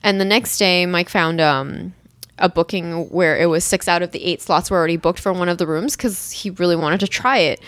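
A young woman casually telling a story, acting out quoted lines with a jump in pitch and frequent laughs. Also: brisk, no echo. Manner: animated, acts out quotes with rising pitch and laughs. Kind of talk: casual chat.

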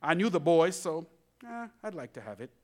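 A man's voice: fairly high pitch, very animated, normal speed. A man voicing a humble older friend of the father in a story told in a sermon.

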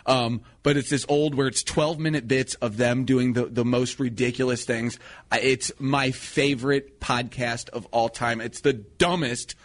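A man's voice: mid-range voice, steady tone, moderate pace. A man co-hosting a radio talk show, telling an eager, laugh-filled story about meeting someone he admires. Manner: giggly, eager storyteller who laughs through his own tale. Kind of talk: casual comedic storytelling.

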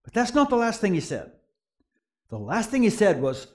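A middle-aged man preaching a sermon as a pastor, telling stories with lively swings from quiet asides to excited peaks. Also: a little high, normal speed. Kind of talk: sermon with storytelling.

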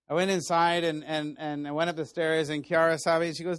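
Guy preaching a sermon, kinda high voice, chatty storytelling, dry close sound. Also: brisk, few pauses, dry recording. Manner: conversational, animated storytelling with laughs. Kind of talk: sermon teaching.

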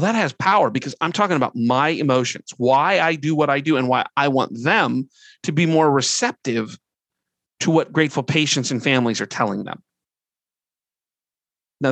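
Middle-aged man giving a relaxed talk. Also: medium pitch, brisk, dry recording. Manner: earnest, relaxed, walks through points one by one. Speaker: presenter. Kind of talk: conversational training presentation.

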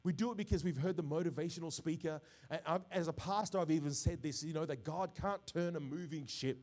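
A man preaching a sermon as pastor, swinging from quiet reflection to loud, emphatic bursts. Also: on the high side, fairly quick, hardly any pauses. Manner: preaching with rising bursts of volume and call-outs.

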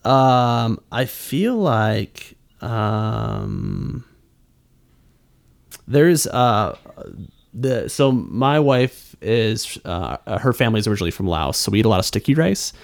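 A man in his thirties, a podcast guest, talking hesitantly and modestly with lots of pauses. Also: mid-range voice, sing-song, vocal fry. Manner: hesitant, self-deprecating, many fillers. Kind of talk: casual chat.

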